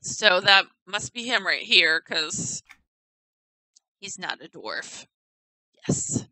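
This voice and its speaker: Woman wandering a game house, chatty and giggly, thinks out loud, kinda slow and bright. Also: medium pitch, expressive, dry recording, rough recording. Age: adult. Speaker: gamer touring a player-built house. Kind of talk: casual game commentary.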